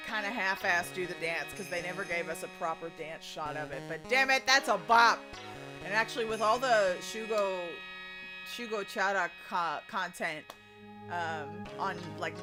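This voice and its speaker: A young woman game streamer chatting casually with viewers, swearing freely and trailing off mid-thought. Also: fairly low pitch. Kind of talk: casual chat with live chat. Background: game music.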